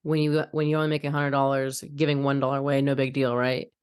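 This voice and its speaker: A woman's voice: extremely low pitch, flat delivery, fast, darkish tone, smooth. A woman hosting a podcast interview, speaking casually and thoughtfully, often repeating words as she works out her point. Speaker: podcast host, chiropractor.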